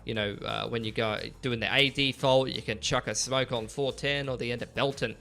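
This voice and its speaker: A man's voice: mid-range voice, fairly even intonation, moderate pace, gravelly, bright, forceful tone. A man casting esports, giving pre-match commentary in a rambling style full of fillers. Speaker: esports caster.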